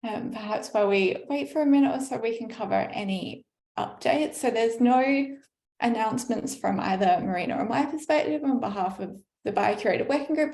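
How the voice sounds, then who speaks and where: A woman hosting an online meeting, opening with announcements and handing over to the speaker in a friendly, brisk way. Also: fairly high pitch, vocal fry, dark tone. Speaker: meeting host. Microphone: video call. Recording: echoey room on a call.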